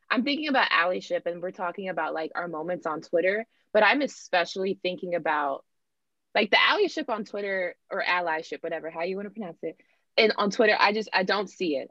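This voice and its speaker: A young woman with a lower voice talks through a personal story in an unhurried, candid way, slipping into the voices of the people she quotes. The sound is dull and lo-fi, with a dry, close feel and no room around it. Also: fairly bright tone, no room sound. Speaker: student sharing her experience. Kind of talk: casual podcast chat.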